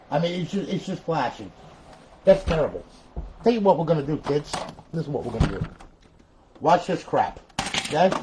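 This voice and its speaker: A man's voice: on the high side, noisy background. A man live-streaming a console repair, ranting in frustration, repeating himself and talking straight to his viewers.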